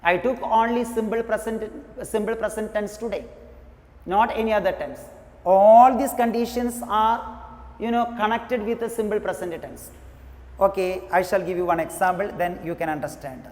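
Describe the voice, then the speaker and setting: Teacher drilling grammar slowly. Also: mid-range voice, steady tone, darkish tone. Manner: repeats example sentences slowly, frequent "you know". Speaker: English teacher. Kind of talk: classroom grammar lesson. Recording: long reverb, echoey room.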